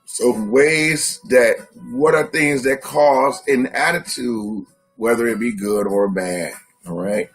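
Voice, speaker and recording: Husky man asking rhetorical questions. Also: mid-range voice, takes it slowly, soft background music. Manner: teaching, asks rhetorical questions. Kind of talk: live-stream discussion.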